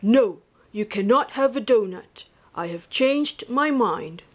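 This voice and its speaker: A woman voicing a serious, stern male panda in a flat, firm tone. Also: a little high, slow.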